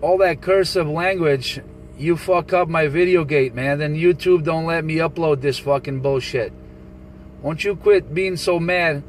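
A man's voice: on the high side, unhurried, a little hiss or hum, rough recording. Taunting laid-back man on CB radio. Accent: New Jersey. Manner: taunting, laughing, calm and teasing. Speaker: CB radio operator recording his channel. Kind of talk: casual radio banter, mocking.

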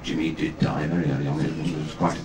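A man, a guest actor at a fan convention, telling self-deprecating anecdotes on stage with halting restarts. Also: extremely low pitch, little pitch movement. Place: large hall with audience. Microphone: far camera, amateur video. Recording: echoey hall from far off, noisy amateur video.

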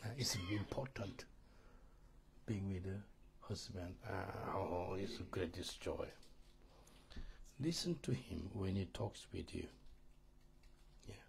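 Gravelly Korean-accented man preaching. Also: sits low, slow, long pauses, a little hiss or hum. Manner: emphatic, repetitive, keeps checking "do you understand?". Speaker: pastor teaching a marriage course. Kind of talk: sermon-style teaching to a congregation.

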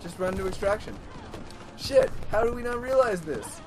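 A man's voice: high-pitched, lively intonation, normal speed, over a noisy crowd. A man commentating on a video game with a friend, teasing, swearing and laughing. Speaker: let's play commentator. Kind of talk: casual gameplay commentary.

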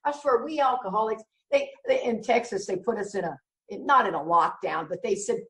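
Her voice is medium-pitched and a bit bright, moving at a moderate pace, as this middle-aged woman gives an honest recovery talk that's emphatic, blunt and wryly joking. She's recorded from a distance in an echoey room via the mic.

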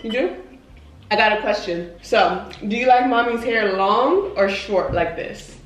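A woman's voice: a little high, expressive, measured pace, echoey room. A woman in her twenties, a vlogger and mother, chatting casually with her young son over food, playful and laughing often. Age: 20s. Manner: playful, laughs often, talks gently to a child.

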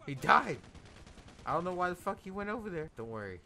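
A young man giving casual, excitable commentary over his own gameplay, swearing and bursting into loud outbursts. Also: high-pitched, brisk, gravelly, slight background noise. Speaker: gameplay video host.

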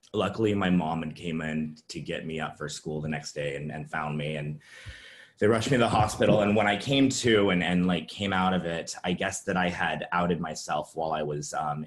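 Deep-voiced man, halting personal testimony. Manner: halting, many fillers and restarts. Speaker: presenter sharing his story. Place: virtual summit presentation.

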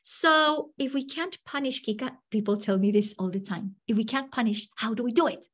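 A middle-aged woman leads a live online teacher workshop over a video call, her voice sitting a little high. She speaks in an animated, upbeat way and coaxes her audience along. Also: moderate pace. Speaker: teacher trainer leading a workshop.

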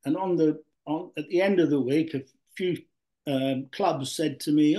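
Older Yorkshire man, slightly high voice, a rambling interview guest with lots of fillers and restarts. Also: a little slow, dark tone. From Yorkshire, England. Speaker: guest, former footballer. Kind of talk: relaxed storytelling interview.

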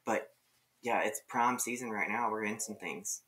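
A man's voice: on the low side, moderate pace, bright, forceful tone. A man with a Mississippi Southern accent, a guest in a casual chat who rambles easily and laughs often. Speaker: guest, social media creator.

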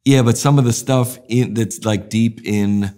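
A comedian as interview guest, talking in a rambling, animated way and acting out voices in his stories. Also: medium pitch, measured pace. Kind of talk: casual interview storytelling.

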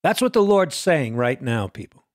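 A man preaching a sermon, swinging between loud peaks and quiet low lines and asking the listeners question after question. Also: sing-song, normal speed, no echo, clean studio sound.

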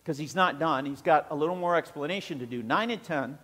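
A man preaching a sermon as pastor, animated and acting out the scenes with voices, heard with long church reverb. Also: fairly high pitch, fairly quick, husky.

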